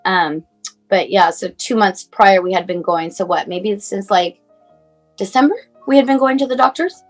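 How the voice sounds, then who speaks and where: A mother in her forties recounts a hard stretch of her son's life in a loose, rambling way, leaning on fillers and quoting the people she spoke with. Her voice sits at an ordinary middle pitch for a woman. Soft music plays faintly behind her. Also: moderate pace. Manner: rambling, many fillers, acts out phone calls. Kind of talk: emotional personal storytelling.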